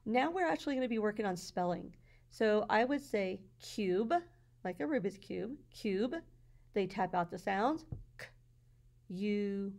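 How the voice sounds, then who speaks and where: A woman teacher walking through her classroom slides in a patient, explanatory way, sounding out words slowly. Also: mid-range voice, darkish tone.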